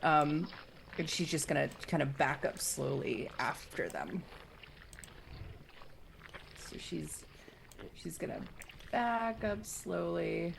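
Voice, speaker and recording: A woman with a notably low voice, talking slowly as she plays a tabletop game. A faint hum runs behind the recording. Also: creaky. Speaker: player. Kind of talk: casual tabletop play.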